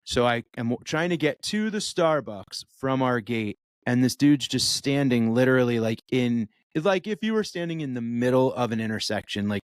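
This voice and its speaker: A man tells a story in a casual podcast chat, jumping into voices as he acts it out. His voice sits at an ordinary pitch, and the recording is close and dry with no room sound. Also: expressive, moderate pace, hardly any pauses, smooth, no room sound. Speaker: podcast co-host.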